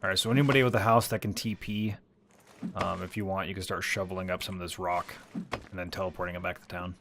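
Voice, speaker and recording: A man's voice: sits low, steady tone, fast talker, noisy background. A man hosting a game stream, chatting with friends on voice chat and explaining what to do, laughing often. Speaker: stream host and game player. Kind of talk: casual gaming chat.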